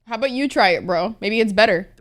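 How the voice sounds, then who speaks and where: A young Egyptian woman and anime reaction streamer gives casual commentary, exclaiming and talking back at the screen. Her mid-range voice is animated and fast, with show music playing faintly behind her.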